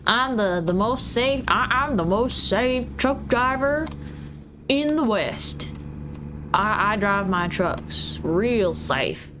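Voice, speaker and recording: A woman voicing a boastful, swaggering trucker in a slow, drawn-out put-on drawl. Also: medium pitch, expressive, background noise, lightly acted.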